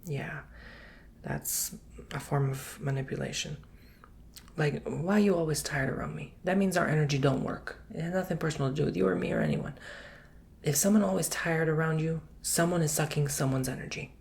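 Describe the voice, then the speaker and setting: This soft-spoken ASMR tarot and coffee cup reading comes from a man whose fairly high voice has a gravelly texture and a normal pace. He rambles chattily, using casual slang and slipping in whispered asides.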